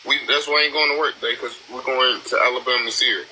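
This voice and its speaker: A man hosting a live stream panel talks in a loose, rambling way, cursing freely and doubling back on himself. His voice is strikingly bright and sits at an ordinary pitch, with a faint hiss in the background. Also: steady tone, rapid-fire, poor audio. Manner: blunt, rambling, profane. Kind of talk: casual live stream chat.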